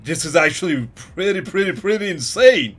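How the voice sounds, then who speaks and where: A man hosting an anime reaction video, commenting live in an excitable way and tossing in "yo" and "man" a lot. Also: fairly high pitch, moderate pace. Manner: excitable, repeats "yo" and "man", bursts into laughs and shouts. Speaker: anime reaction channel host.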